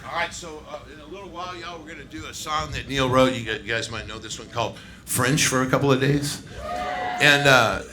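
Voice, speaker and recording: A man's voice: mid-range voice, fairly quick. A man, a bandleader emceeing a live tribute on a small pub stage, loose and coaxing with the crowd.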